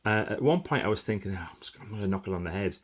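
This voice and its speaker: A man's voice: on the low side, expressive, very fast. A man hosting a casual live stream, chatting upbeat with viewers and breaking into bursts of enthusiasm.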